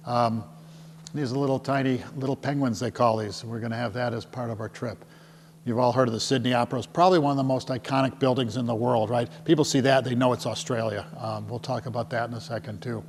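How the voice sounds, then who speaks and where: A middle-aged man, a tour company presenter, gives a casual, jokey talk to a small live audience and keeps asking the crowd "right?". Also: mid-range voice. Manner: jokey and chatty, often asks the crowd "right?". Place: meeting room with a small audience. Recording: long hall reverb with faint hum.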